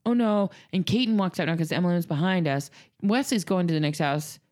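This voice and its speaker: A woman in her thirties with a slightly low voice, telling a story in casual podcast chat. She talks in an animated, dramatic way and stacks up fillers and restarts as she goes. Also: fast.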